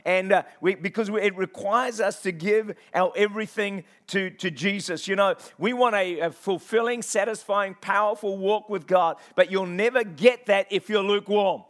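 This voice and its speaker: A man preaching a sermon in church, swinging from quiet reflection to loud, impassioned calls and repeating phrases for emphasis. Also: high-pitched, normal speed, hardly any pauses. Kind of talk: passionate sermon.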